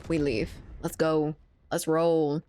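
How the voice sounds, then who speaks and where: A woman in her late twenties from South Louisiana banters with her chat while she plays a shooter. She jokes, swears freely and speaks in a somewhat low voice. Soft gunfire sounds run faintly underneath. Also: flat delivery, slow, slight background noise. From South Louisiana, USA. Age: 20s. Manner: joking, swears often, banters with viewers. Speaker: gaming streamer. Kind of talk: casual chat while playing a shooter and reading chat. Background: faint game gunfire.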